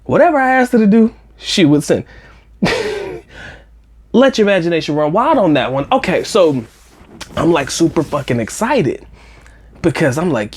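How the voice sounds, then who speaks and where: A man hosting a storytime vlog, telling a personal story in a slangy, profane, animated way. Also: fairly high pitch, normal speed, pauses often. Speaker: vlog host.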